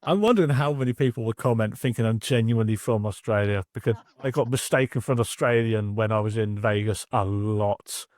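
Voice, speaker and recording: A man's voice: lowish voice, fairly quick, few pauses, a little mellow, dry recording, studio quality. Laid-back man with a London accent. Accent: London English. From England. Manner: laid-back, frequent agreeing "yeah". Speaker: podcast guest. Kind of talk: casual chat.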